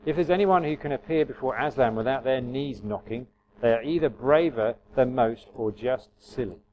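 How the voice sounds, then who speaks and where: A man's voice: medium pitch, moderate pace, close to an everyday voice. A homely, frank mother beaver from a storybook, as a man reads her part. The reading is folksy. It sounds slightly muffled, with a faint hiss behind it.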